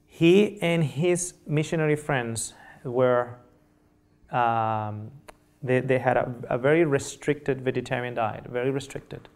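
A man's voice: mid-range voice, takes it slowly, darkish tone. A middle-aged man whose first language is Spanish, giving a public nutrition lecture in earnest storytelling style, repeating phrases and checking in with the audience.

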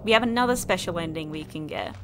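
A woman streaming a video game live, chatting through her play and reacting loudly, often exclaiming and swearing. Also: on the low side, sing-song, fast, vocal fry, background noise. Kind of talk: live gameplay commentary.

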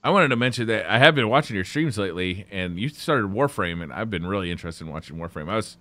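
A man co-hosting a podcast in casual chat, upbeat and quick to laugh. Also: fairly low pitch, animated, a bit bright, dry recording. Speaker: podcast co-host.

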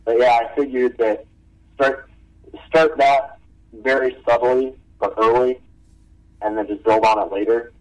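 A man co-hosting a podcast and talking casually and quickly about the script he is writing. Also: medium pitch, fairly even intonation, darkish tone, distant mic, poor audio. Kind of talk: casual chat.

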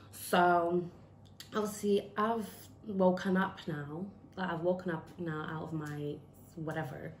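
A young woman tells a personal story in a casual storytime vlog. Her voice sits low for a woman, and she acts out quoted lines and doubles up phrases for emphasis. The room sounds echoey, with a faint hiss behind her. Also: fairly bright tone. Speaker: vlogger telling a story.

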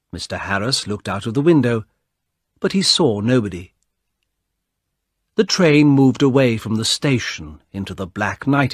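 Slow, husky male storyteller. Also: mid-range voice, no room sound, studio quality. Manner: clear, expressive read-aloud. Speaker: narrator. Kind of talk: slow storybook reading for English learners.

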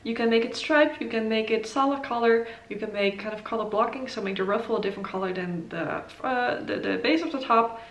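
A woman's voice: fairly high pitch, brisk, hardly any pauses, roomy sound. A woman hosting a casual knitting vlog, reviewing patterns in a chatty way with many ums and uhs, recorded on a camera mic. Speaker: knitting channel host.

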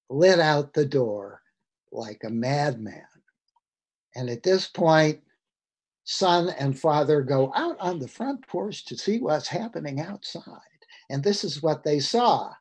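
A man's voice: a little high, expressive, slow, pauses often, a little mellow. A man in his sixties giving a lecture over a video call, reading passages aloud from a book with wry asides to his listeners.

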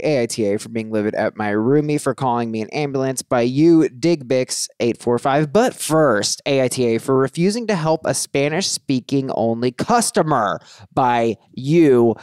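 A man's voice: medium pitch, moderate pace, clean tone, no room sound, clean studio sound. A man hosting a comedy podcast, joking around and reading listener posts aloud. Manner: joking, reads posts with lively inflection. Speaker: podcast host.

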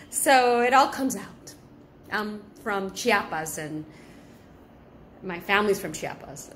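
A woman's voice: medium pitch, very animated, moderate pace, a little hiss or hum. A woman from Southern California chatting casually as she cooks at home, swearing freely and switching between Spanish and English. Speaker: home cooking vlogger. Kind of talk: casual cooking vlog chat.

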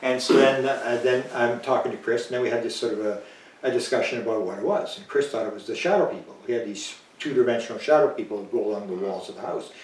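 A man's voice: mid-range voice, fast talker, a little hiss or hum. A man being interviewed, spinning a long story with energy and voicing the other people in it. His voice sits mid-range and comes from a little way off the mic. The room is echoey and bounces the sound back. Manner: animated, chuckling, acts out quoted dialogue. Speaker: interview guest. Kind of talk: anecdotal storytelling in conversation. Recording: roomy, distant mic.

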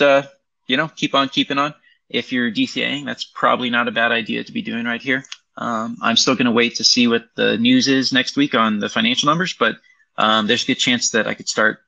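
A man with a gravelly, forceful voice talks through market charts in a relaxed, hesitant way. He fills his sentences with ums and restarts, and the sound comes over a remote call. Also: medium pitch, low-quality recording. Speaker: crypto market analyst giving a price report. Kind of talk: casual chart walkthrough.

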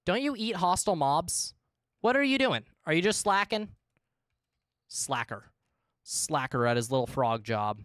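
A man's voice: fairly high pitch, a little slow, pauses often, fairly bright tone, no echo, studio quality. A man streaming a video game, chatting casually to his viewers and swearing freely as he plays. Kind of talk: casual livestream commentary.

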